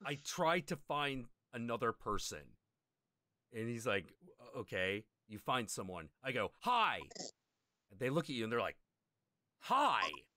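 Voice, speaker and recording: A stream host with a mid-range voice tells a long anecdote in an unhurried way during casual chat, animatedly acting out the people in his story. The recording is studio quality with no echo.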